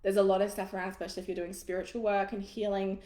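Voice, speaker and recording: A woman coaches business owners through a live online masterclass. She talks in a casual, frank and encouraging way and swears now and then. Her voice sits at a middling pitch and carries a roomy echo. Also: level tone, racing, mellow.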